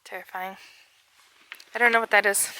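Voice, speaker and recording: Strolling through her wintry backyard garden, a vlogger rambles in a casual, jokey way and laughs a lot. She has a mid-range voice with a sharp tone, and the audio quality is poor.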